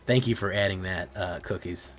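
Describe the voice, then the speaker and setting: Male streamer, low register, playful and teasing, chatty game commentary over soft music. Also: normal speed. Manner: playful, teasing, talks to viewers. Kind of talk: casual gameplay commentary to chat.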